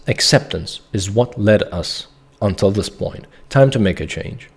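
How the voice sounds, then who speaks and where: A man's voice: fairly low pitch, lively intonation, a little slow, creaky, husky. A man ranting to camera from his home desk about a game, frustrated and heated, apologizing along the way. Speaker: gaming video creator. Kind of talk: to-camera rant.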